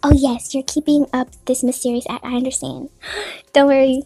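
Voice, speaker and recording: A woman's voice: high-pitched, flat delivery, normal speed, warm tone, slightly rough, dry recording. A woman voicing a charming young male racer.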